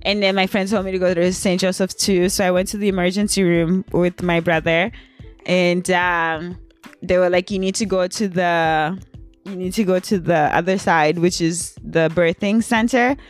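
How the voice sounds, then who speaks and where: A young woman casually telling a personal story on her vlog. She laughs often and her voice jumps high when she acts out moments of shock. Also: fairly even intonation, normal speed, faint music behind. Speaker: vlogger.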